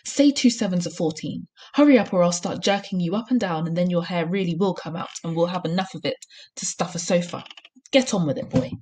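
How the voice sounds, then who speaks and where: A woman's voice: on the low side, expressive, fairly quick, darkish tone, slight background noise, close to an everyday voice. A woman reading aloud and voicing a huge, cruel headmistress who barks and snaps orders at children. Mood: barking. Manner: barking, snapping commands. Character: huge bullying female headmistress, cruel and furious.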